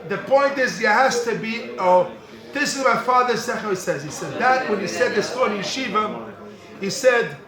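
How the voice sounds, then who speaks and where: A man's voice: high-pitched, animated, moderate pace. A man teaching a yeshiva Torah class, repeating his points emphatically and calling out to students by name. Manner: repetitive, emphatic, calls out to students. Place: study hall with students. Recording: echoey hall with a crowd of students.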